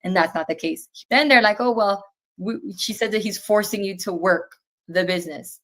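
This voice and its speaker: A woman's voice: medium pitch, moderate pace, a bit bright. A woman in her twenties, a guest telling a personal story in an earnest, indignant way and acting out each exchange as she goes. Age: 20s.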